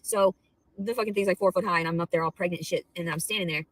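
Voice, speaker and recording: Fast, foul-mouthed young woman ranting. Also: lowish voice, steady tone, dry recording, low-quality recording. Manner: rambling, swears constantly, swings between murmurs and outbursts. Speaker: vlogger. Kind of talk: profane personal rant.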